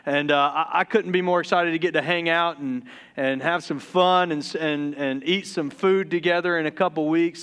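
A young man from the Deep South preaches to his congregation, mixing jokes into the sermon. His voice sits high and sounds smooth and clear. He gets excited and trips over his words, then restarts. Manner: joking, excitable, stumbles and restarts when excited. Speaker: pastor.

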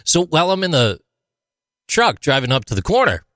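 A man's voice: on the high side, very animated, brisk, fairly bright tone, no echo, clean studio sound. Rambling man in casual chat. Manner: rambling, lots of "you know" fillers. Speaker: podcast co-host and emcee.

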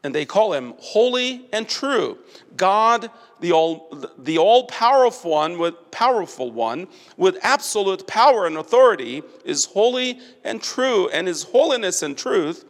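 Slow, high-voiced preacher in a reverberant hall. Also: male voice. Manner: deliberate, rising to emphatic stresses. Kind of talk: expository sermon.

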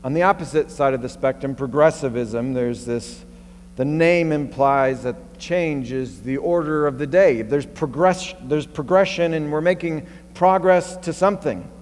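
A man's voice: a little high, moderate pace. A male pastor preaching a sermon in a conversational way, thinking aloud and asking rhetorical questions. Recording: long reverb and faint mains hum.

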